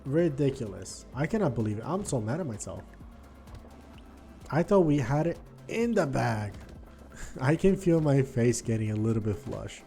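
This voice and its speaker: A man giving casual gameplay commentary, thinking aloud and swinging between quiet muttering and frustrated outbursts. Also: mid-range voice, big pitch swings, moderate pace, creaky, pauses often, faint music behind. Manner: thinks aloud, repeats words and restarts. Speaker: gaming video host.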